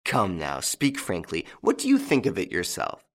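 A man voicing a mocking, playful gentleman thief in an audiobook, teasing and taunting with big swings in pitch. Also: huge pitch swings, moderate pace, exaggerated voice. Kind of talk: audiobook character reading.

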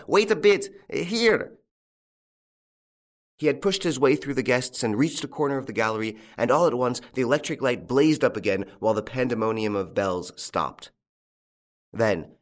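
A man narrating a classic detective story in an audiobook, in a measured, unhurried storytelling manner. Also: fairly low pitch. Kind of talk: scripted narration.

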